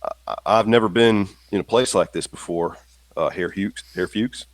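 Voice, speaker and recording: A man's voice: low voice, moderate pace, no echo. A man voicing a friendly, folksy driver with a Texan accent in a tabletop game. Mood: nervous.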